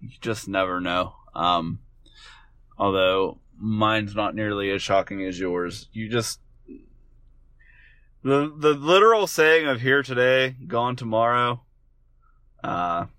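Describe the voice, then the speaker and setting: A man co-hosting a podcast in laid-back casual chat, agreeable and prone to trailing off. His voice is bright and forward. It is recorded close and dry, with no room sound. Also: fairly low pitch, animated, takes it slowly, pauses often, no room sound. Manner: easygoing and agreeable, trailing off with fillers. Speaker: podcast co-host.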